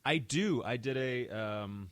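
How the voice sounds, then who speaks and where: A middle-aged actor chatting as a guest in an interview, an animated storyteller who laughs often and slips into voices. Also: male voice, mid-range voice, takes it slowly, no echo. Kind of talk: casual interview chat.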